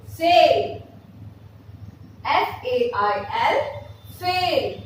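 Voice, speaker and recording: A woman's voice: sits high, very animated, slow, slight background noise. A woman teaching an online phonics lesson in Indian English, spelling words letter by letter and repeating each one with emphasis. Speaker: pre-primary teacher. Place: classroom with a blackboard. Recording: echoey room, voice from a distance.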